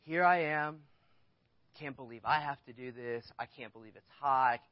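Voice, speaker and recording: A man's voice: medium pitch, moderate pace, no echo. A man preaching a sermon in church as the pastor, speaking candidly and conversationally, telling a personal story and putting questions to the congregation. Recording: dry, dull lo-fi sound.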